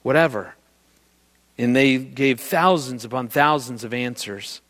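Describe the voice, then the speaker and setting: A man's voice: medium pitch, a little slow. A middle-aged man giving a presentation on marriage, telling stories with energy and asking the audience questions. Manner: animated storyteller who quizzes the audience. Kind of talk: live talk to an audience.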